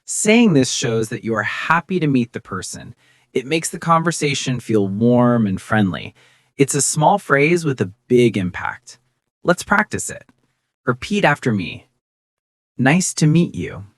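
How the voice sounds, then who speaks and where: A very animated English teacher presents a scripted lesson for beginners, encouraging throughout, with pitch that keeps climbing and dropping. Example phrases are slow and clear. The recording sits close to the mic and is completely dry.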